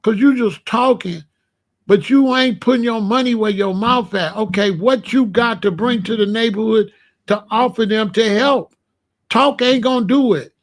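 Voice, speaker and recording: A man, hosting a casual monologue and telling street stories in blunt, profane language. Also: normal speed. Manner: drops to low, quiet tones when recounting danger. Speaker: commentary channel host.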